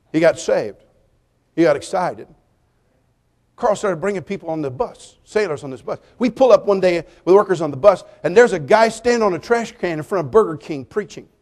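A male preacher with a high-pitched voice delivers a sermon. He tells stories with comic timing. He swings between loud, lively bursts and hushed, pleading appeals. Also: a little fast. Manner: animated, joking storytelling with sudden drops to quiet appeals.

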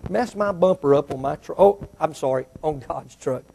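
A male preacher delivering a sermon, moving between quiet storytelling asides and loud, emphatic declarations. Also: moderate pace, creaky, husky. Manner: swings from low asides to loud ringing declarations.

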